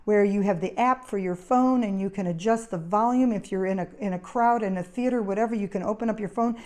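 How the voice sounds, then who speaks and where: Middle-aged woman therapist-host, chatty anecdote teller, mellow tone. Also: medium pitch, fairly quick. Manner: chatty storyteller, anecdotes with acted quotes. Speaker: occupational therapist and show host. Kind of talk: casual advice talk to camera.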